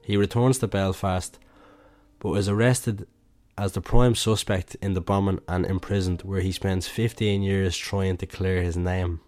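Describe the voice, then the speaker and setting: Young dublin guy rambling thru his podcast, ums and restarts everywhere, low flat voice. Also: a little slow, no room sound. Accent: Dublin Irish. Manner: rambling, relaxed, many fillers and restarts. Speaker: podcast host and musician. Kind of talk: casual solo podcast talk.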